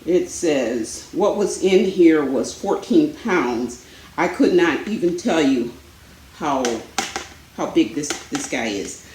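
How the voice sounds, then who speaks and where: A woman's voice: low voice, animated, slow pace, darkish tone, reverberant, a little hiss or hum, low-quality recording. Chatty woman, out of breath. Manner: chatty, rambling, many fillers. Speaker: vlogger. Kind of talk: casual chat. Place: home, indoors.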